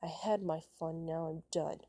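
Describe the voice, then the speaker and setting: A woman voicing a sullen, quick-tempered young male killer in an amateur fan story reading, with loud, strained outbursts. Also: deep voice, steady tone, husky, no room sound. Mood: angry.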